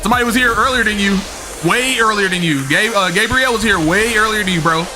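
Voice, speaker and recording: A man's voice: sits high, fast, over music. A young man streaming a game, chatting to his viewers in a rambling, slangy way, with lots of fillers and the odd swear word. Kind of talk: live-stream chat with viewers.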